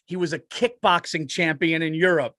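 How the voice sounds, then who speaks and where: A middle-aged man, a comedian co-hosting a podcast, telling stories in an excitable, profane way and laughing as he talks. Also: fairly high pitch, normal speed, dry recording, clean studio sound. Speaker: stand-up comedian and podcast co-host. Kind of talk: casual podcast chat.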